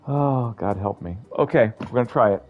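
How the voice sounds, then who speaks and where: A man's voice: medium pitch, moderate pace. A man streaming a game playthrough, reading the characters' lines aloud in changing voices and accents. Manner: animated, switches into different voices and accents for each character. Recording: dull lo-fi stream audio with faint game music.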